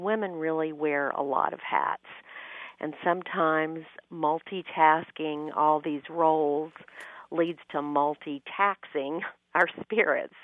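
A woman in her fifties, a guest on a radio interview, talking upbeat and lively. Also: deep voice, no room sound. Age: 50s. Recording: tinny phone line.

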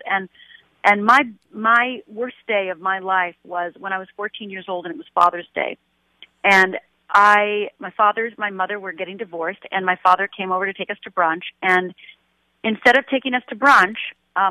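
A woman guest on a radio interview, talking earnestly with halting restarts. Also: medium pitch, no echo. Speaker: guest life coach. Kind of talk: radio interview over the phone. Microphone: telephone. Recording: dry tinny phone line.

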